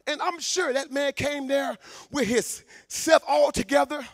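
A man preaching a sermon in a church, fervent, shouting for emphasis and stumbling over repeated words. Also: very high-pitched, unhurried, no room sound, clean studio sound.

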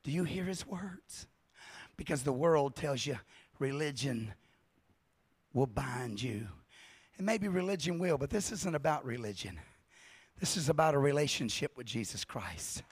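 A man preaching a revival sermon to a congregation, shouting repeated refrains with passion and then dropping to a hushed, intense delivery. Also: a little high, expressive, normal speed, slightly rough, dry recording.

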